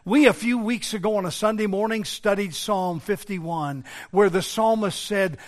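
A man preaching a sermon, swinging between loud emphatic declarations and hushed pleading, quoting scripture in old-fashioned wording. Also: high-pitched, moderate pace.

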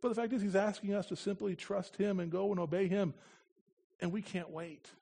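His voice is high-pitched, creaky yet mellow, with fairly even intonation and a slightly fast pace. An earnest American missionary, he preaches a conversational sermon in church, plain-spoken and flecked with light humor.

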